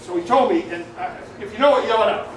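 A man's voice: sits high, quick pace, a little hiss or hum. A male stand-up comedian working a comedy club crowd, brash and profane. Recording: roomy club, distant mic, loud crowd.

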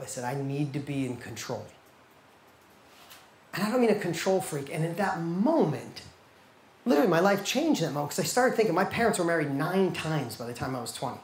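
Middle-aged man, motivational seminar speaker, emphatic, rhetorical questions, roomy hall echo, faint background hum. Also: on the high side. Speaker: guest speaker at a training seminar. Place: large event hall. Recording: echoey hall with faint ambience.

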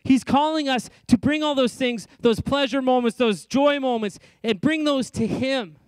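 Bright, clear-voiced preaching man. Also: extremely high pitch, moderate pace, dry recording. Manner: earnest, conversational preaching with self-deprecating asides. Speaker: pastor. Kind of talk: sermon. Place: church sanctuary.

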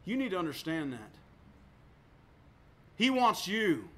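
A man preaching a sermon as pastor, emphatic, with sharp swings between loud and soft, often repeating words for emphasis. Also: sits high, very animated, takes it slowly, slight background noise.

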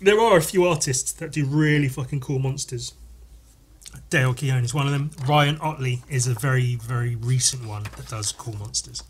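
A man's voice: mid-range voice, normal speed, husky. A man hosting a casual podcast, rambling and swearing as he pages through comics and reacts to the art. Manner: profane, rambling, enthusiastic. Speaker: podcast host reviewing comics. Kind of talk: casual chat.

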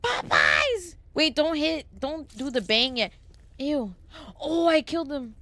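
In a high, somewhat bright voice and a measured pace, a young adult woman plays a horror game live for her audience. Easily frightened, she swears, then talks to viewers and thanks them between jumps. There's a little noise in the background.

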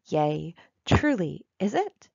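A woman's voice: on the low side, very animated, slow, vocal fry, a little mellow, no echo, muffled recording, exaggerated voice. A woman reading aloud, voicing a sly, cackling old witch who poses as pious.

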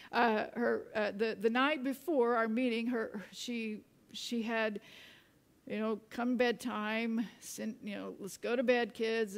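A woman pastor preaching a sermon, telling a story in a relaxed way with light chuckles. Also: fairly high pitch. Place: church. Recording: reverberant church sanctuary.

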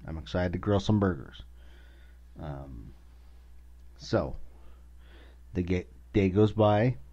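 A man's voice: low-pitched, lively intonation, slow pace, mellow. A man hosting a podcast who rants angrily and swears constantly. The recording is dull and lo-fi. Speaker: podcast host. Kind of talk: casual profane rant.

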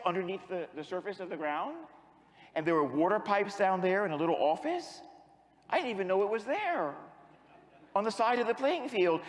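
A male priest preaching a sermon as an animated storyteller who acts out the voices in his stories. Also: sits high, in a large hall. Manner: animated storyteller, acting out quotes.

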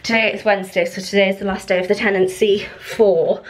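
A young woman in her twenties records a casual vlog as she moves around her half-unpacked house. She talks in a mid-pitched voice and rambles, filling pauses with "like" and small restarts. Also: steady tone. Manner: chatty and rambling, many "like" fillers. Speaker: lifestyle vlogger. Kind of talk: casual vlog chat to camera. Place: indoors in a newly moved-into house.

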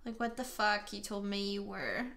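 A young woman playing a chat game, reading messages aloud and swearing as she gets loud and exasperated. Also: medium pitch, normal speed. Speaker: gaming streamer. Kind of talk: let's play commentary, reading chat aloud.

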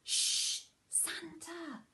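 A woman doing small hushing animals, whispered role-play. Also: very high-pitched, very animated, very slow, voice pushed up, exaggerated voice. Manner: hushed and scolding. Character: small hushing animals telling Santa to be quiet.

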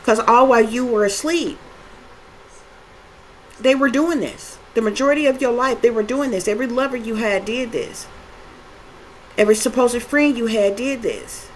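A woman's voice: on the high side, slight background noise, low-quality recording. A woman giving a spiritual tarot reading, talking emphatically in long repetitive lists with frequent cursing. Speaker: tarot reader.

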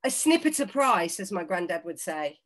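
A woman's voice: fairly low pitch, big pitch swings, normal speed. A woman co-hosting an online charity quiz over a video call, teasing and playful in casual comic banter. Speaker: quiz co-host.

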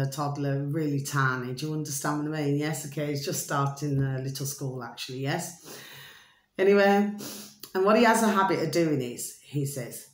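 A woman's voice: low-pitched, darkish tone. A woman, rambling to camera in a chatty, digressive monologue, repeating the same pet phrase for her viewers. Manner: chatty, repetitive, keeps saying "my delicious little babies"; loose and digressive with many fillers. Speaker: vlogger. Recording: roomy echo.

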